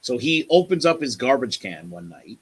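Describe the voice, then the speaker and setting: A middle-aged man co-hosting a podcast, telling a long neighbor story in casual chat, profane and loud when he acts out what he said. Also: medium pitch, moderate pace, breathy edge. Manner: animated, profane, acts out quotes loudly. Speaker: podcast co-host.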